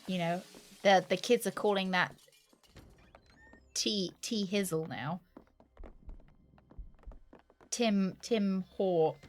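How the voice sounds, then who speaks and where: Young woman, British accent, playful and chatty, faint background music, casual let's-play banter. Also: medium pitch. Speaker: streamer.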